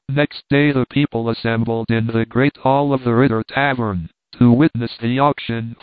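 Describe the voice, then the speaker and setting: A man narrating a storybook in a slow, measured, even reading. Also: mid-range voice, no echo. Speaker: audiobook narrator. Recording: thin phone-like dry sound.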